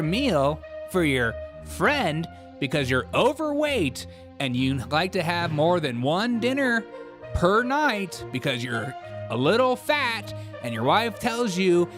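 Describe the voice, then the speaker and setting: A young man riffs on the news as the host of his own reaction show. He jokes and mocks, and his fairly high voice bounces around a lot. Music plays clearly behind him. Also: slow. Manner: joking, mocking, lively, laughs often. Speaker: political commentary host. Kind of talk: casual reaction commentary.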